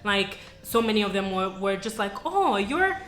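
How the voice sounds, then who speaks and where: This is a young adult woman from Sudan, a vlogger recounting her own experiences to camera with earnest reflection and a chatty, aside-filled style full of "like" and "you know." Her mid-range, slightly bright voice moves at a normal speed with little pitch variation. There's a roomy echo and some faint music.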